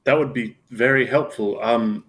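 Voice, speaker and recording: A man's voice: mid-range voice, fairly even intonation, moderate pace, a bit bright. A man taking part as a player in a tabletop game, speaking plainly and earnestly.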